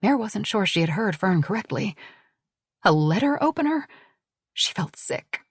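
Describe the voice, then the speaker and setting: A woman's voice: medium pitch, sing-song, measured pace, pauses often, husky, no room sound. A woman narrating an audiobook in a dramatic, tense storytelling manner on a close studio mic.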